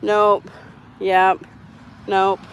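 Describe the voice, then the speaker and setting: A rambling, friendly-sounding woman with a drawl talks casually to her livestream audience while walking her dogs outside. She greets viewers by name and drifts from one thought to the next. Her voice sits at an ordinary middle pitch. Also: completely flat delivery, drawn-out words, slight background noise. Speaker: livestream host. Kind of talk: casual livestream chat reading viewer comments.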